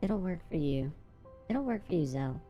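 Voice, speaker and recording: A man's voice: a little high, lively intonation, lo-fi sound, faint music behind, voice pushed up. A man using a voice changer to play a teasing, mock-seductive female streamer persona, drawing out each word. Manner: slow, drawn-out, mock-seductive delivery.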